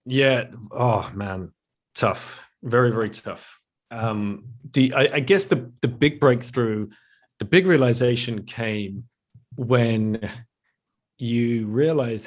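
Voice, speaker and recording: A man's voice: mid-range voice, takes it slowly. A middle-aged man speaking as a podcast guest, candid and reflective, with self-deprecating laughs and frequent restarts. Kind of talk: casual interview talk.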